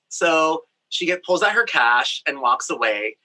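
A man's voice: mid-range voice, lively intonation, unhurried, few pauses, pushed and bright, low-quality recording. A young man from Brazil, a storyteller with a campy, candid, playful way of talking, recording in a home craft studio. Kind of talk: personal storytelling.

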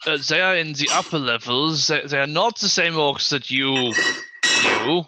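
A man voicing the ghost of a zealous paladin who stammers solemnly about orcs, with dishes clattering loudly behind. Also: a little high, expressive, moderate pace, very noisy, natural voice. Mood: insistent.

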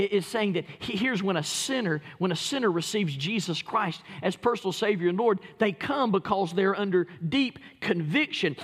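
Male pastor mid-sermon, slightly raised pitch, dramatic hushed-to-booming swings, echoing sanctuary. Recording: long hall reverb.

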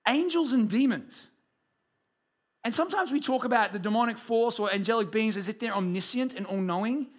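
A man's voice: very high-pitched, brisk. A man preaching a conversational sermon at a church service. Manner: conversational, rhetorical questions. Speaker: pastor.

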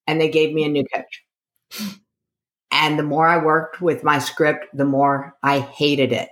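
A woman's voice: low voice, level tone, a little slow, a bit bright. A middle-aged woman from the United States, a coach being interviewed, who tells her story with energy and acts out the dialogue she quotes. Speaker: guest, coach.

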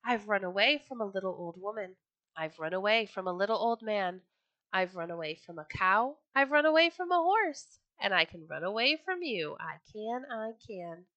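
A woman's voice: mid-range voice, expressive, moderate pace, pushed and bright, no echo, highs cut off. A woman voicing a cheeky, boastful gingerbread boy who taunts his chasers in a sing-song chant. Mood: taunting.

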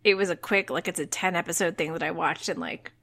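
A woman co-hosting a podcast, chatting casually and tossing in quick asides. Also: lowish voice, fairly bright tone. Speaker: podcast co-host. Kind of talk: casual chat.

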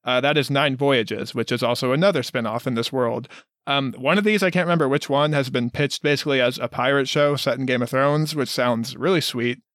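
A man's voice: mid-range voice, a little fast, fairly bright tone, no room sound, studio quality. A man co-hosting a casual fan discussion podcast, explaining things in a wry tone. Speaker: podcast co-host.

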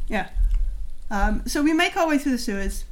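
A woman narrating a tabletop game as game master, pausing often with ums. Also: high-pitched, animated. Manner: hesitant, many ums.

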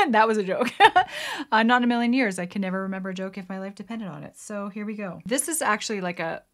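A woman's voice: medium pitch, animated, brisk. A woman hosting a casual vlog, chatty and self-deprecating, often laughing through her jokes. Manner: giggly, laughs often mid-sentence. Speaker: channel host. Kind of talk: casual joke-telling vlog.

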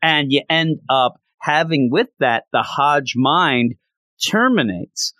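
A man giving a casual recap of a story, animated and often restarting his sentences. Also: a little high, slow, no echo. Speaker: comic book commentator.

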